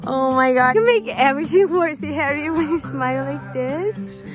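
A woman's voice: sits high, moderate pace, over music. A woman chatting casually in an outdoor vlog while talking to her baby. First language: Portuguese. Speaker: vlogger. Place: outdoors at a park.

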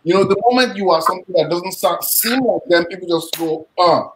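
On a live panel, a guest with a Nigerian accent and a voice a little higher than most men's speaks fairly quickly over a noisy background. He's emphatic and proud, telling everyday stories in which he acts out both sides of the exchange.

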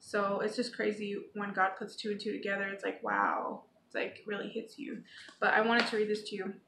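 A woman's voice: mid-range voice, normal speed, a bit bright. A woman giving an earnest, pleading devotional talk to her viewers, reading scripture aloud now and then. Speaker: Christian vlogger. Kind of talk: informal spoken devotional. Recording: echoey room with faint background noise.

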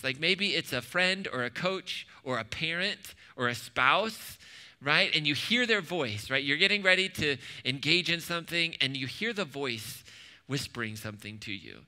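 Bright-voiced male pastor, casual sermon. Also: on the high side, in a large hall. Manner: conversational, tag questions, joking asides. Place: church hall.

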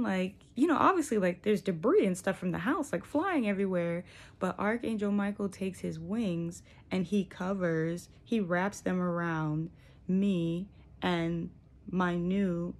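A woman's voice: fairly low pitch, gravelly. A young woman telling a personal spiritual story in a casual, reflective way, full of likes and you knows. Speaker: vlogger sharing a spiritual journey.

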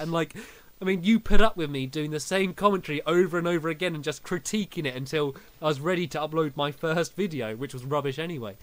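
A young man hosts a casual podcast chat, his voice sitting a bit high for a man. He tells animated stories and breaks into laughter often. The sound is dry and close, with no room around it. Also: a little fast, no room sound. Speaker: podcast host.

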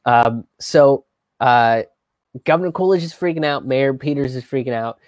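A man's voice: mid-range voice, moderate pace, a little mellow, dry recording. A man hosting his own show, telling history in a loose, rambling way with lots of fillers and a wry, profane edge. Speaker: comedian and show host. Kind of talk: casual history commentary.

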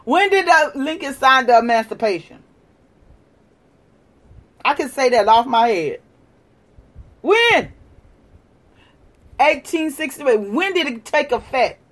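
A woman hosting a livestream, lecturing and challenging viewers in a combative way, moving from shouting to quiet muttering. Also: high voice, animated, takes it slowly, pauses often. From United States. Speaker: livestream host. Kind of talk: live-stream rant to viewers.

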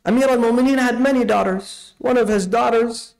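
A man's voice: very high voice, a little fast, gravelly, poor audio. A man preaching a Ramadan night sermon, impassioned and rhetorical, acting out the dialogue in his stories.

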